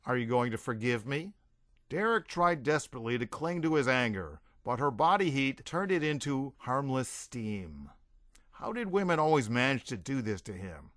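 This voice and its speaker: A man reading a comic audiobook in a wry storytelling voice. His tone is bright and forceful with a lively pitch, recorded close and dry. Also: normal speed, dry recording. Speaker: audiobook reader. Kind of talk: comedic audiobook narration.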